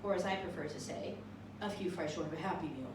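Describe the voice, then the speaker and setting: A woman's voice: fairly low pitch, fast talker, background noise. A woman doing a cabaret show, chatting to a small live audience between songs with wry, self-mocking humor. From California. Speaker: cabaret comedian. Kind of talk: cabaret show, singing and stand-up. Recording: distant echoey live room with music.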